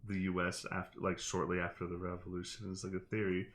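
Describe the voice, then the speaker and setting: Bright-voiced man rambling casually. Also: deep voice, little pitch movement, fast. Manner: rambling, restarting, profane. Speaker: player. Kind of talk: casual chat.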